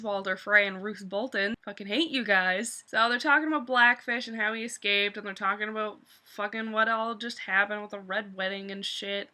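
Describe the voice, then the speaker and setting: A woman casually recapping a TV episode for her video channel, animated and swearing often as she exclaims over events. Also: a little high. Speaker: video reviewer.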